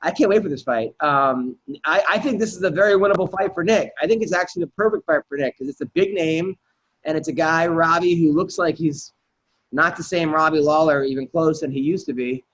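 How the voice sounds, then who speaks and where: A man's voice: a little high, brisk, fairly bright tone, dull audio. A man hosting a casual podcast chat, loose and filler-heavy as he prompts his guests. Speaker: podcast host.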